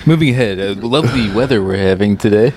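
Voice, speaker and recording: A man co-hosting a casual talk show, making wry, deadpan jokes and rambling explanations. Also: fairly low pitch, fast talker, background noise. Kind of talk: casual chat.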